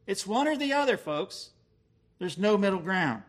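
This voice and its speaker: A man preaching an expository sermon, slowing down to stress key words. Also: high-pitched, very animated. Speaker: pastor.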